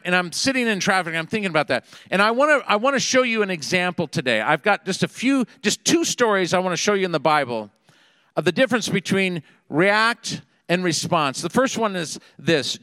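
Animated storytelling pastor, bright voice. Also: male voice, high voice, moderate pace, clean tone, no room sound, in a large hall. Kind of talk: sermon. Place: Seattle area.

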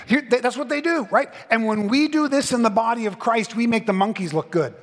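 A man's voice: very high voice, brisk. A middle-aged man preaching a conference sermon with punchy, comic asides and mock voices. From Southern California. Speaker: pastor. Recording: long hall reverb.

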